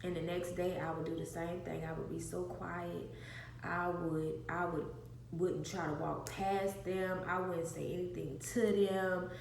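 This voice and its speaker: Her voice sits on the low side, level and slightly mellow with some vocal fry, as she speaks a little slowly. The vlogger, an adult with an infant, earnestly recounts a personal testimony, repeating phrases for emphasis, in an echoey room with faint background noise.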